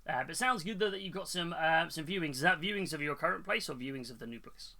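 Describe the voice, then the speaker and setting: Bright-voiced chatty male streamer. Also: on the high side, fast talker. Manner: chatty and rambling, reading chat and telling corny jokes. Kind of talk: casual live-stream chat.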